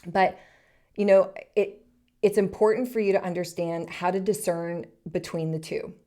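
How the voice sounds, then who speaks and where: A woman in her thirties hosting a solo podcast, earnest and encouraging, speaking in short soft phrases. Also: on the low side, level tone, normal speed. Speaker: podcast host.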